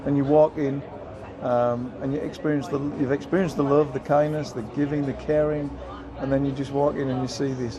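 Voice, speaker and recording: A man's voice: medium pitch, flat delivery, a little fast, highs cut off, a crowd in the background. An older man, a former footballer, giving a heartfelt, emotional interview outdoors at a stadium, piling up phrases with many ums.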